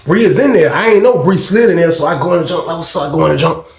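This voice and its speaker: A man telling a casual storytime monologue about his past, animated and slangy, often slipping into acted voices. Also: fairly high pitch, very fast, vocal fry. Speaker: storyteller recounting prison life. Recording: echoey room.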